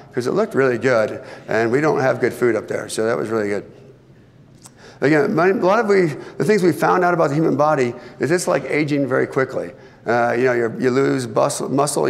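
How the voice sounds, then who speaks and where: A middle-aged man giving a public presentation as an astronaut guest speaker, telling stories in a relaxed, conversational way with light humor. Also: medium pitch, vocal fry. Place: large event hall. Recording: long hall reverb.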